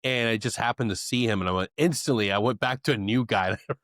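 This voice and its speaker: A man's voice: lowish voice, fast talker, a bit bright, dry recording, studio quality. A man co-hosting a podcast, telling profane stories and laughing often in casual chat. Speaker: podcast co-host.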